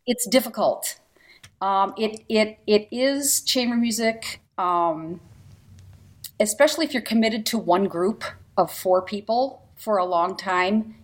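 A woman string quartet musician guesting on a radio interview, with a mid-range voice. She speaks emphatically and expressively, her pitch swinging up and down as she makes her points. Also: slow.

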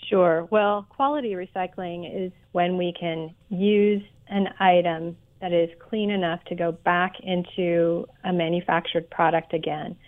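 A woman being interviewed as a radio guest over a phone line, explaining things in a measured way with frequent ums. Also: lowish voice, fairly even intonation. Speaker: guest, president of a recycling institute.

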